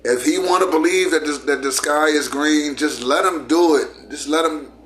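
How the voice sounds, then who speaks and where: A man voicing a male lion king in a spoken fable, calmly judging an argument. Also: fairly high pitch, normal speed, reverberant, a little hiss or hum, lightly acted. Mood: dismissive.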